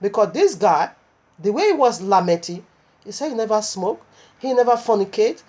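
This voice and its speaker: A woman's voice: medium pitch, very animated, normal speed, darkish tone. A woman preaching a sermon, impassioned and repetitive, with stammering restarts as she recounts a vision.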